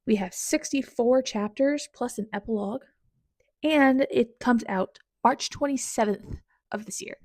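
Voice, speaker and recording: A woman book vlogger reacting out loud as she reads, dramatic and exclaiming at the author, sometimes dropping to a whisper. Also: on the high side, measured pace, long pauses, dry recording, studio quality. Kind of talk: casual live reading reactions.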